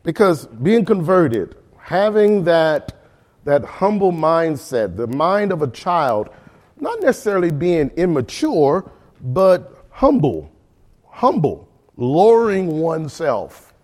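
A man's voice: on the high side, very animated, takes it slowly, a little mellow. A man leading a Bible study class, asking the group questions, checking in often and repeating words for emphasis.

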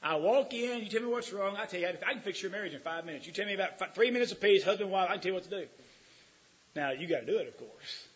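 A preacher delivers a folksy, emphatic sermon, dropping into quiet asides and rising to loud declarations. His voice sits high and a little husky. The recording is dull and lo-fi. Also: lively intonation, fast talker.

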